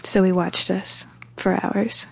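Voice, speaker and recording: A woman's voice: mid-range voice, flat delivery, slow pace, gravelly, husky, no room sound. A woman being interviewed about her family, telling her story in a matter-of-fact way. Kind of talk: personal storytelling.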